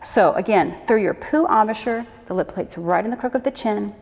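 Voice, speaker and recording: A woman's voice: medium pitch, moderate pace, darkish tone. A woman flute instructor giving an encouraging, demonstrative lesson for beginners. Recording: echo with long reverb.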